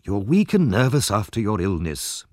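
A man's voice: fairly low pitch, sing-song, normal speed, darkish tone, no room sound, studio quality. A man doing a motherly old housekeeper. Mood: soothing. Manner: soothing, kindly. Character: motherly old housekeeper woman, gentle and kind.

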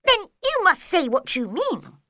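A woman voicing a cheeky, excitable male March Hare in a storybook reading, loud and squeaky. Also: unhurried, no echo, clean studio sound, full character voice.

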